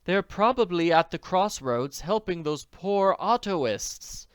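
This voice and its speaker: Man playing a prim inn manager, slow measured delivery, a touch raised in pitch, dry. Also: animated, clean tone, no room sound. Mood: formal. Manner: quiet, measured, slightly impatient. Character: inn manager, man, calm and stiffly polite.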